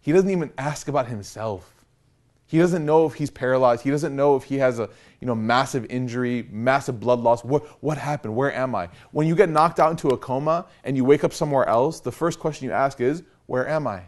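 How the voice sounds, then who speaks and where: A young man giving a casual storytelling lecture, animated and conversational with slangy asides. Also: medium pitch, a little fast. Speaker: preacher.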